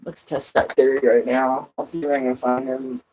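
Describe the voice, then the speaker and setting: A woman's voice: very deep voice, little pitch movement, normal speed, a little mellow, rough recording. Rambling, foul-mouthed woman vlogger. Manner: rambling, swears a lot, laughs often. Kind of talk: casual rambling chat.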